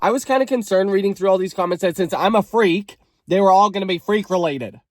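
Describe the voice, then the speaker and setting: A man's voice: sits high, fast, loud music behind the voice. A young adult man from Canada hosting a casual comedic storytime, reading out viewers' stories with sassy asides and mock outrage. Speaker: storytime creator.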